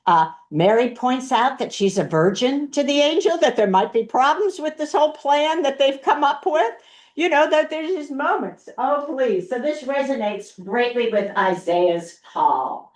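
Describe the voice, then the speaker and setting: Lively woman pastor teaching a class. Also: high-pitched, a little slow. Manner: lively and chatty, reads scripture aloud with emphasis. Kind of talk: adult education class. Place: church classroom. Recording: roomy, from far off the mic.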